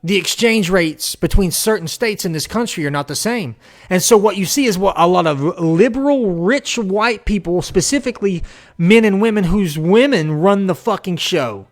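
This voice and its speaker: A man delivering an angry, profane political rant, swinging between shouting and low growls. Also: animated, moderate pace, faint music behind. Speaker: political commentator.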